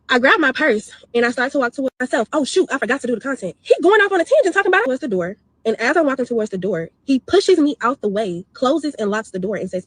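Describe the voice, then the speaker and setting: A young woman rattles through her story at a breakneck pace, indignant and wound up. Her voice is slightly husky and a touch high, and the recording is dry and close. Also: big pitch swings, no room sound. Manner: fast, indignant retelling. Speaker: customer telling her story. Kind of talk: storytime video.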